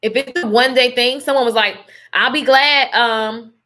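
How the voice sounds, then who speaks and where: A woman delivers a casual, emphatic motivational talk, sprinkling in pet names like darling and honey. Her voice sits high and sounds bright and clear. She keeps a preachy, church-flavored tone throughout. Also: fairly even intonation, moderate pace. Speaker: motivational speaker on a live stream.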